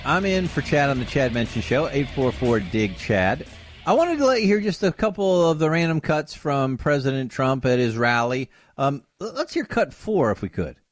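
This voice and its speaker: A man's voice: medium pitch, very animated, normal speed, dry recording, soft background music. A man filling in as host of a talk radio show, giving sarcastic commentary and mocking opponents. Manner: sarcastic, mocks opponents in put-on voices.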